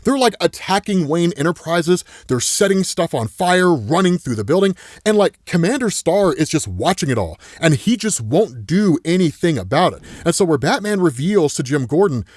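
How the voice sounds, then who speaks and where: An excitable man recaps a comic story in a casual way, his pitch bouncing all over the place. His voice sits a little high. The recording is dry and close. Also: moderate pace, dry recording. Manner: excitable, peppers speech with "right?". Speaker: comics explainer YouTuber.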